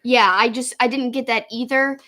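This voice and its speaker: A woman co-hosting a wrestling review show, chatting casually in an animated way that drifts into tangents. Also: on the high side, normal speed.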